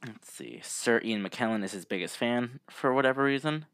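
A man's voice: medium pitch, normal speed, a bit bright, no room sound, studio quality. A man co-hosting a podcast in casual chat, laid-back and laughing easily as he reads out trivia. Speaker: podcast co-host.

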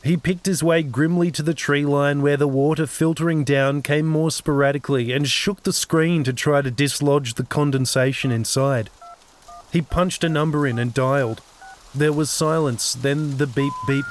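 A man narrating his own novel-length audio story in a steady, scripted reading. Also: mid-range voice, moderate pace, a little hiss or hum. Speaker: narrator and author.

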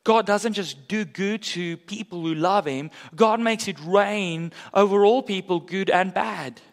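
A pastor preaching a sermon in an earnest, conversational way with casual asides. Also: male voice, high voice, unhurried, in a large hall. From South Africa.

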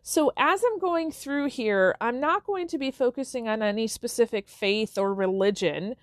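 A woman's voice: a little high, normal speed, no room sound, studio quality. A woman hosting a self-help podcast, talking casually and checking in with listeners with frequent "okay?" and "right?". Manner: conversational, with everyday examples. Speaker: podcast host.

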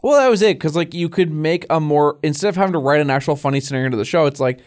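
A man's voice: a little high, very fast, darkish tone. A young man co-hosting a podcast in casual, rambling chat, laughing often. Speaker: podcast co-host.

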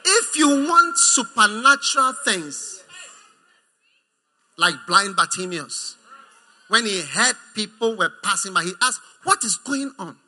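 A man with a Ghanaian accent preaching a sermon, animated, teasing and emphatic. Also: high voice, slow, long pauses. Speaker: pastor.

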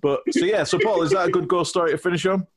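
A man's voice: high-pitched, steady tone, fast talker. A man co-hosting a podcast, telling a rambling, cheeky comic story and laughing at his own jokes. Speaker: podcast co-host.

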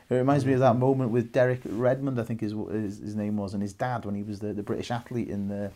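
A man's voice: on the low side, fairly even intonation, fast talker, warm tone. A Welsh man in his thirties co-hosting a casual film podcast, chatty and rambling, laughing often. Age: 30s. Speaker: podcast co-host.

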